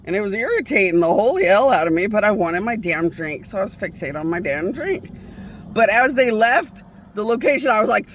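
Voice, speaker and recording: A woman's voice: medium pitch, lively intonation, brisk, a little hiss or hum. A woman vlogging a casual, rambling monologue, profane and often breaking off to restart her sentences.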